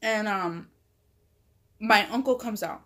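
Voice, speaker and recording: A woman's voice: medium pitch, slow, sharp tone. Chatty woman telling a story. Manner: rambling, full of "like" and self-corrections. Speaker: mukbang vlogger. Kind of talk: casual storytelling.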